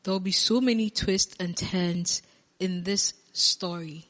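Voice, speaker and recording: A woman's voice: on the low side, steady tone, unhurried, fairly bright tone. A woman hosting a reaction video, chatting to viewers and repeating her points. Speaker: reaction channel host. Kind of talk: reaction commentary. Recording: long reverb in a room.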